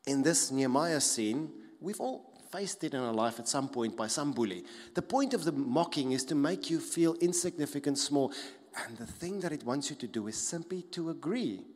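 A man delivers a sermon from the pulpit, his pitch moving a lot as he acts out mocking voices. His voice sits in the middle range. The sound carries the long reverb of a large church hall. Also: normal speed. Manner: animated, acts out mocking voices with swings in loudness. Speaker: pastor.

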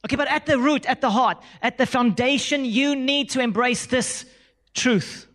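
A man with a very high voice preaches a sermon with emphasis. He repeats his key phrases and calls on the congregation to say lines back to him, building each point step by step. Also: moderate pace, fairly bright tone. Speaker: pastor.

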